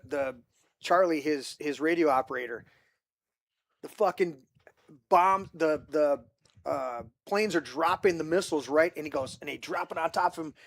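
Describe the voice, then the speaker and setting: A man hosting a casual movie podcast, talking excitedly, swearing often and rambling with restarts. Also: fairly high pitch. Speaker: podcast host.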